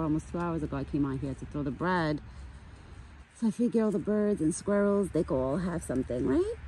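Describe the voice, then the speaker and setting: A woman feeding a wild deer in a foggy forest talks casually to her camera and coos at the animal in affectionate pet talk. Her voice is lowish, somewhat mellow, and husky, caught on a rough recording.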